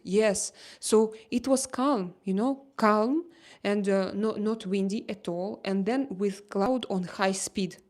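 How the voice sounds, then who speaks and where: A woman with a Russian accent hosting a casual livestream chat, reading out viewer comments in a halting way with many fillers and restarts. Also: medium pitch, darkish tone. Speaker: livestream host.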